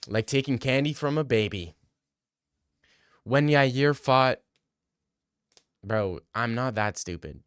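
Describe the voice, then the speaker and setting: A man's voice: medium pitch, takes it slowly, pauses often, clear, resonant tone, no echo, studio quality. A man hosting a casual livestream Q&A, arguing bluntly with chat and swearing freely. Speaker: livestream host answering chat.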